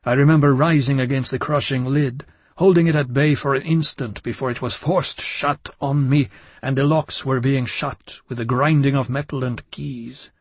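A man's voice: mid-range voice, steady tone, moderate pace, slightly rough, no room sound. A man reading a first-person story aloud in an intense, dramatic manner. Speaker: audiobook narrator. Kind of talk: scripted first-person narration.

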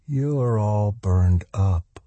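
A man playing a soft-spoken sinister young demon. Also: on the low side, drawn-out words, no room sound. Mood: soft menace. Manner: soft and gently coaxing. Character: tall young man, soft, pleasant, quietly menacing demon. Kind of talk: audiobook character voice.

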